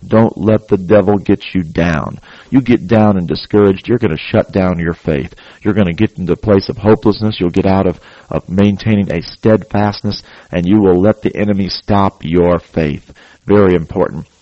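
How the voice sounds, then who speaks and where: A man's voice: low voice, moderate pace, dry recording, dull audio. A man preaching a sermon, urging his listeners in an earnest, exhorting way and often adding "praise God.".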